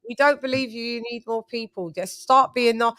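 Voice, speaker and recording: A woman's voice: on the high side, normal speed, fairly bright tone, clean tone, dry recording, clean studio sound. Blunt woman talking boxing. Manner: blunt, profane, emphatic. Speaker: channel host. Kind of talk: casual live watch-along chat.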